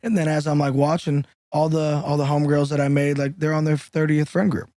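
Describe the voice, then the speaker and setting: A young man co-hosting a podcast in casual chat, excitable and slangy, saying bro a lot. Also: a little high, brisk, no echo, clean studio sound. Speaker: podcast co-host.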